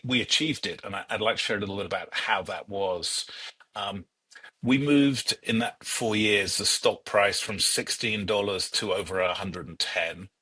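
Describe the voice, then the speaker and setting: A man's voice: on the low side, pushed and bright, slightly rough. A middle-aged British man, a podcast guest and HR executive, telling stories in a chatty, self-deprecating way with many ums. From United Kingdom. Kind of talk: casual storytelling interview.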